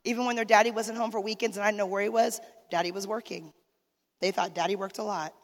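A woman's voice: mid-range voice, steady tone, fast talker, a little hiss or hum. A woman giving an emotional sermon testimony as a minister's wife, talking straight to the listeners. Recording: long hall reverb.

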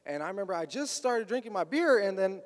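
A man's voice: sits high, lively intonation, fast. A man telling a personal story in a conversational way, often slipping into quoted dialogue. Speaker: guest recounting his past. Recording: long hall reverb.

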